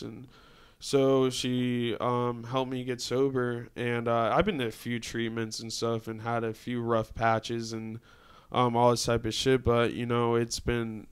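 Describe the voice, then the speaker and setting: A man's voice: mid-range voice, steady tone, measured pace, clear, resonant tone. A young man hosting a podcast, telling a story in a laid-back, casual way, swearing often and calling everyone "dude". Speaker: podcast host.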